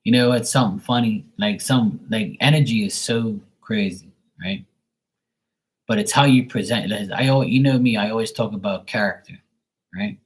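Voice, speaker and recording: With a fairly low pitch and a moderate pace, a man giving readings on a live stream rambles through a casual story heavy on slang and swearing. He acts out both people in the conversations, and the recording is rough.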